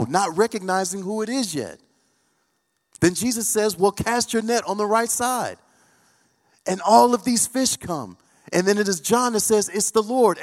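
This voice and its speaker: A man's voice: high-pitched, in a large hall. A man preaching a sermon, retelling a Bible story and acting out the characters' words with rising and falling intensity. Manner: retells scripture with dramatic quoted voices, rising and falling intensity.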